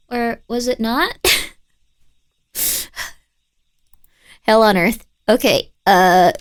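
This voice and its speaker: A woman with a slightly high voice streams a horror game live and keeps up a playful running commentary. She teases her pet and chats with her viewers between moves. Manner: chatty and playful, scolds her pet and banters with chat.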